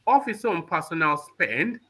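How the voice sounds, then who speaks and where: A man co-hosting a live talk show, halting and restarting as he talks. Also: a little high, sing-song, pushed and bright. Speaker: co-host.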